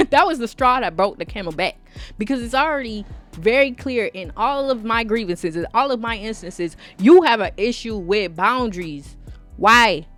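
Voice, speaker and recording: A woman vlogger telling a casual story time with animated, sassy emphasis. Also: fairly low pitch.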